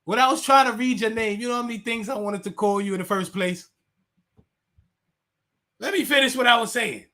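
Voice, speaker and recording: A man's voice: very high voice, a little fast, long pauses, bright, forceful tone. A man hosting a casual livestream, rambling, laughing and reading chat names aloud. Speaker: livestream host.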